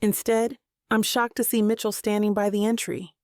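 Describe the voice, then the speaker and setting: A woman narrating a first-person romance audiobook with an expressive, inner-monologue style. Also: medium pitch, normal speed, no echo, clean studio sound.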